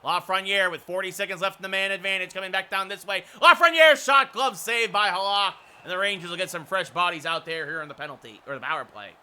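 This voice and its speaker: Bright-voiced man calling hockey play-by-play. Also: high voice, quick pace, hardly any pauses, smooth. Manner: excitable play-by-play calls, with asides to chat. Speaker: streamer doing play-by-play of a hockey video game. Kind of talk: sports play-by-play commentary.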